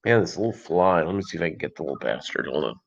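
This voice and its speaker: A man's voice: sits low, animated, racing, vocal fry. Rambling man telling a story, lo-fi. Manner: rambling, loose, with many restarts and asides. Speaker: livestream host.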